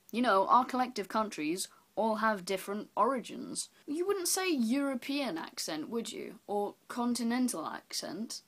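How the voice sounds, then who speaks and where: Sweary, sarcastic English woman lecturing. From England. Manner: blunt, sweary, mock-lecturing; jumps between high exclaims and low muttered asides. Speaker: vlogger. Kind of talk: sarcastic explainer rant.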